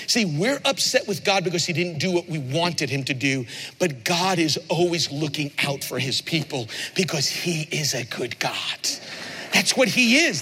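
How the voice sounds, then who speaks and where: A man delivering a sermon in an animated storytelling style, often turning to the congregation with questions. His voice is high and forceful, and it rings with the long reverb of a large church hall. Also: slightly rough. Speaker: preacher.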